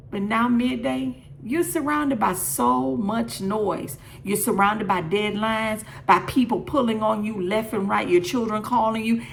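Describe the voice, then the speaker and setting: A middle-aged woman hosts a midday faith encouragement show, speaking earnestly and directly to listeners and repeating phrases that build. Her mid-range voice is gravelly, with slight background noise.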